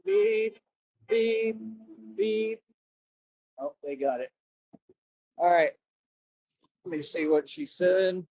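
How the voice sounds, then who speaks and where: A man's voice: on the high side, slow, pauses often, no echo, muffled recording. A man livestreaming outdoors near a road, rambling and repeating himself as he chats to viewers. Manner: rambling and repetitive, keeps saying "that's right". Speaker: livestreamer asking viewers for donations. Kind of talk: casual rambling livestream chat.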